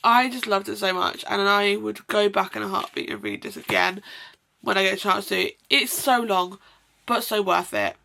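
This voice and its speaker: Gushing woman with a bright, gravelly voice. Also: medium pitch, expressive, normal speed, slight background noise. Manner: rambling, effusive, self-interrupting with apologies. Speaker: book vlogger. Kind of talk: casual chatty book review.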